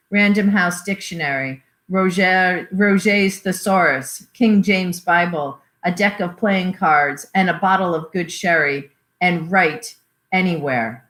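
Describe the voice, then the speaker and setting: A woman's voice: on the low side, a bit bright. Woman reading a memoir in a roomy echo. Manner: measured storytelling with voiced quotes. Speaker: reader. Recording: roomy echoey recording.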